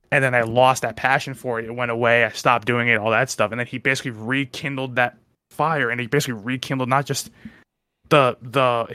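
A man's voice: medium pitch, bright, forceful tone, no room sound. A young man co-hosting a casual podcast chat, rambling and restarting his sentences often. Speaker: podcast co-host.

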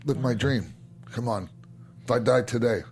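With a medium-pitched, darkish voice at a moderate pace and slight background noise, the former wrestler recounts old stories as podcast co-host. This middle-aged man keeps it casual and enthusiastic, swearing freely and restarting sentences.

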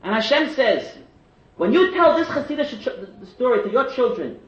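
A man with a very high voice tells stories in a sermon. He gets animated and often climbs to shouted emphasis. The recording is echoey and muffled, as if taped in a large room. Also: moderate pace. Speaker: preacher. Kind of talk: sermon storytelling. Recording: echoey and dull lo-fi.

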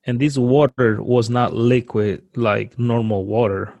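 A man who grew up outside the US, earnestly recounting a frightening personal experience as a guest, in a halting way that repeats words and restarts. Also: medium pitch, steady tone, a little mellow, no echo. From outside the US, now lives in the US. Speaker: guest telling a personal story.

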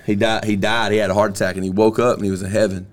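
A man's voice: on the low side, level tone, very fast. A middle-aged man hosting a podcast, telling a long joke in casual, rambling talk. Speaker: podcast host.

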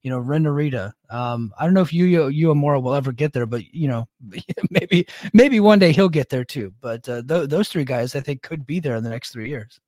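A man's voice: medium pitch, brisk, mellow, no echo, studio quality. A man co-hosting a podcast, chatting casually about wrestling with a rambling manner and frequent laughs. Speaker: podcast co-host.

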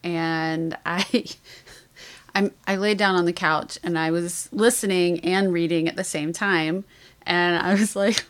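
A woman's voice: on the low side, fairly even intonation, a little slow, clean tone. A woman co-hosting a book podcast in casual chat, telling stories with animation and acting out quotes. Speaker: podcast co-host.

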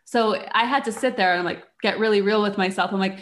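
A woman co-hosting a podcast, a coach who tells a personal story in a chatty, animated way and swears freely. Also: medium pitch, fairly quick, hardly any pauses. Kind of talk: casual chat. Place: lives in Germany.

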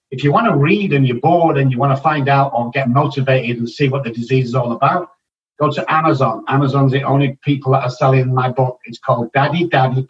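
Brief: older man, blunt and profane motivational guest, dull distant remote audio. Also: medium pitch. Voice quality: blunt, swears freely, motivational. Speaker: addiction counselor and author, guest. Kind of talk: casual podcast interview.

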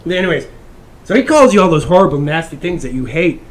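Brief: male YouTuber, rather high voice, brash and profane casual rant. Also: expressive, fast. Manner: profane, brash, swings between shouting and mumbling. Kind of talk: casual ranting monologue.

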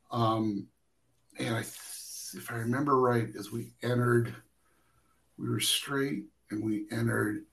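A man's voice: lowish voice, vocal fry, fairly bright tone, poor audio. A man who works as a camera operator, telling behind-the-scenes stories in a casual interview, rambling with many restarts and fillers.

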